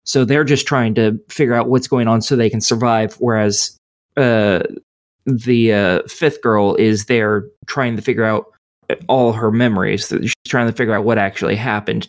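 A man's voice: mid-range voice, lively intonation, moderate pace. A man reviewing a horror game in casual podcast chat, rambling and sarcastic, swearing often.

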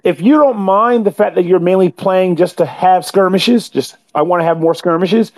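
A man's voice: high-pitched, moderate pace, darkish tone. A man on a podcast giving a wordy, talkative game review, often correcting himself mid-sentence.

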